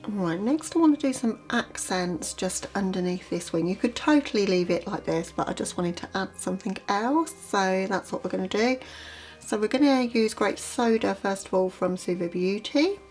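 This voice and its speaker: A woman vlogger talking through a makeup look step by step in a relaxed, chatty way. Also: mid-range voice, normal speed. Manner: chatty, relaxed, explains as she works. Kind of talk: makeup tutorial narration.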